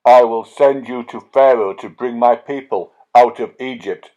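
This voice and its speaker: A man voicing a loud, commanding God. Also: mid-range voice, a little slow, dull audio, voice pushed down, close to an everyday voice. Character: commanding male God speaking from above.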